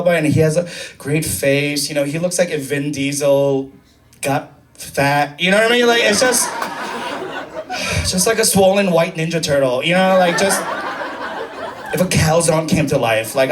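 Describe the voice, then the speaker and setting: A man in his thirties doing a chatty, self-mocking stand-up set, jumping into high squealing impressions. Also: distant mic, noisy background. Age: 30s. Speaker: stand-up comedian. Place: comedy club stage. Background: audience laughter.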